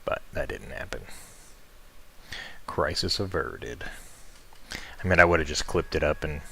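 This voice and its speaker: A man's voice: a bass voice, a little slow, vocal fry, a bit bright, husky. A man streaming a game, chatting casually in a laid-back, slangy, rambling way. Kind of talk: casual live-stream chat.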